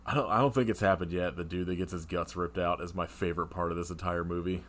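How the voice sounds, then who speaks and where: Deep-voiced man in profane podcast chat. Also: fast talker. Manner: profane, laughs often, animated retelling. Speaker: podcast co-host. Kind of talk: casual movie review chat.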